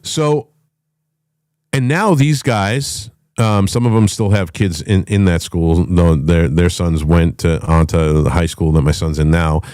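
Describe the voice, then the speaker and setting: A middle-aged man hosting a talk show, ranting with loud, profane, emphatic delivery and a voice that swings up and down. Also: low voice, steady tone, a little slow, clean tone, no echo, clean studio sound. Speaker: podcast host.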